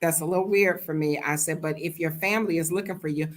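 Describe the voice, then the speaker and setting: A woman's voice: low-pitched, steady tone, fast talker. An older woman from the United States, bluntly and animatedly telling a travel story to her vlog audience. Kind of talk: casual storytime monologue.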